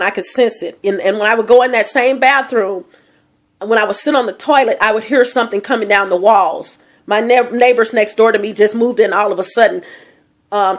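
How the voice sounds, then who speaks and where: A middle-aged woman rambling emotionally in a personal vlog monologue, speaking straight to her viewers. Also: mid-range voice. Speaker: vlogger.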